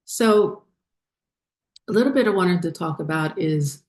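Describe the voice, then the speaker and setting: A woman hosting a spiritual vlog, talking unhurriedly with many fillers as she glances at her notes, her voice getting hoarse. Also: on the low side, lively intonation, measured pace, darkish tone. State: losing her voice. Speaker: spiritual channel host.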